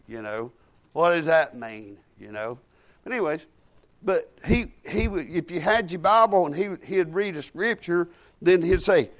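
Folksy preacher, slightly high voice. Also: male voice, lively intonation, unhurried, a bit bright. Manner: folksy, conversational, chuckling. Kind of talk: storytelling sermon.

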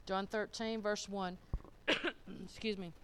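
A woman's voice: medium pitch, steady tone, slow, a bit bright, a little hiss or hum. A woman preaching an informal sermon to her congregation, folksy and asking the listeners questions. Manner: folksy, talks straight to the listeners, asks them questions. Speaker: church speaker.

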